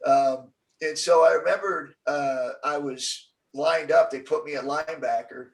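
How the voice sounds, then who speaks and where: A middle-aged man telling a story as an interview guest, acting out the quotes with lively energy. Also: fairly high pitch, measured pace, vocal fry, distant mic, low-quality recording. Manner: animated storyteller, acts out quotes.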